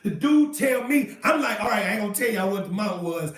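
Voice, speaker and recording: High-voiced fervent preacher man, echoey. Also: expressive, quick pace. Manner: fervent, repetitive call-and-response preaching, often shouting. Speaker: minister leading an online Bible study. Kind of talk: preaching sermon with personal testimony. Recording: echoey, distant from the mic, faint noise.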